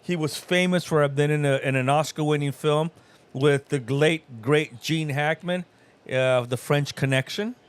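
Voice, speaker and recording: A man's voice: fairly high pitch, unhurried, clean tone. A middle-aged man co-hosting a casual movie watch-along, rambling through film trivia and laughing often. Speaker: podcast co-host.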